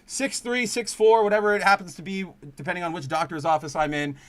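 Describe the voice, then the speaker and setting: A young man hosting a casual podcast, telling a rambling, excitable story full of restarts and swearing. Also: sits high, fairly quick, smooth. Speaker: podcast host.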